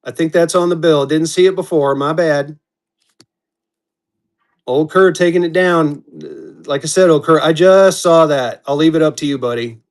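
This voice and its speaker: A man's voice: on the high side, moderate pace. Chatty man running a live auction. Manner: upbeat, chatty, calls out bidders. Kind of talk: live-stream auction chat.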